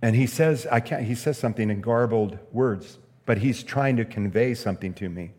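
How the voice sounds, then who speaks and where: Guy preaching a sermon, earnest storyteller, mid-pitched voice, long echo like a big hall. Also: unhurried, a little mellow, slightly rough. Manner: earnest storytelling preacher, emphatic repeated phrases. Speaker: pastor.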